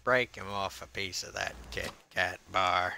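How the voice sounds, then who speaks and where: A man's voice: low voice, fairly even intonation, unhurried, gravelly, bright, forceful tone, slight background noise. A man bantering over a video game, joking in a mock-dramatic way. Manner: jokey, mock-dramatic, drawls for comic effect. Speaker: gaming co-player. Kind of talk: casual gaming banter.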